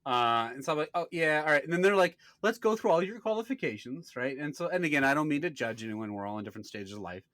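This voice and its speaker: Animated, swearing man telling a story. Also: fairly high pitch, fast talker, hardly any pauses, no room sound. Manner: animated storyteller, acts out quoted people, swears freely. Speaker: podcast co-host. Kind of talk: casual storytelling chat.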